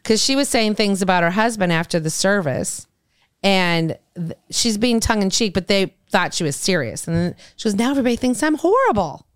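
Smooth-voiced woman telling stories on a podcast. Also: medium pitch, normal speed, no room sound, studio quality. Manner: chatty storytelling, acting out quoted voices. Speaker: podcast co-host. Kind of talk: casual chat.

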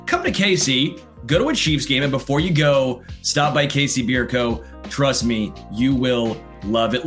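A man co-hosting a casual sports podcast, talking in an animated, emphatic and teasing way. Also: mid-range voice. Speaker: podcast co-host.

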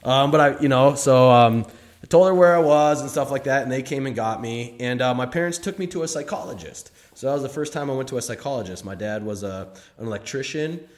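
A man's voice: mid-range voice, brisk. A man from Saint Paul, Minnesota, telling a personal story in a casual, rambling, self-mocking way, swearing freely and restarting his sentences often.

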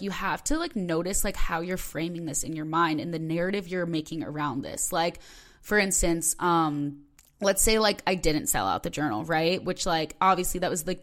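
A young woman in her twenties hosts her own podcast in a loose, rambling, confessional way, leaning on "like" as she talks. Her voice sits a little low and carries a fragile edge, as if tears are not far off. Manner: emotional, rambling, heavy use of "like". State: close to tears. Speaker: podcast host. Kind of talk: casual solo podcast talk.

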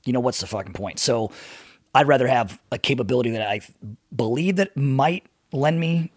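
A man's voice: mid-range voice, moderate pace, dry recording. Profane man telling war stories, dry sound. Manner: profane, laughing anecdotes with acted-out dialogue. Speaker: podcast guest. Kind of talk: casual storytelling in conversation.

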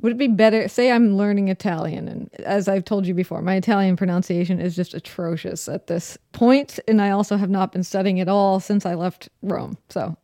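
A woman's voice: medium pitch, steady tone, fairly quick, hardly any pauses, dark tone, no room sound, studio quality. A woman from the United States hosting a podcast, asking curious questions with a self-deprecating touch. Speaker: podcast host.

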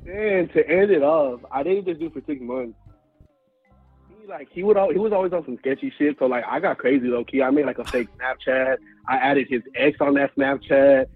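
A man's voice: medium pitch, moderate pace, slightly rough, no echo, narrow, tinny audio, soft background music. A man in his twenties from Houston telling a story casually, full of slang, swearing and fillers. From Houston, Texas. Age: 20s. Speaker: guest storyteller.

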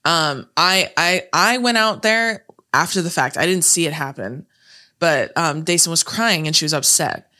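A young woman telling a story in casual chat, animated, swearing freely and laughing often. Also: low voice, moderate pace.

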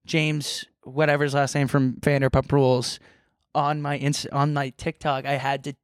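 A man around thirty co-hosts a podcast in an easy, rambling chat. He pokes fun at himself as he talks. His voice sits in a middle pitch and sounds dry and close. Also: little pitch movement, moderate pace, clean tone, dry recording. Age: 30s. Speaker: podcast co-host. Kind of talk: casual chat.

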